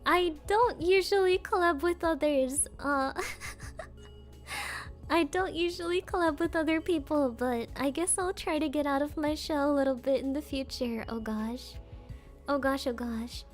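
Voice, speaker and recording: A woman streamer chatting casually with her viewers, shy and giggly, with soft laughs and hums as she reads comments aloud. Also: high-pitched, measured pace, soft background music.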